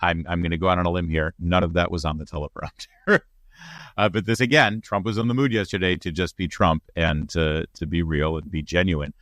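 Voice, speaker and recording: Deep-voiced male commentary host. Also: steady tone, brisk, fairly bright tone. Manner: punchy, opinionated. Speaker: show host. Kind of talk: political commentary.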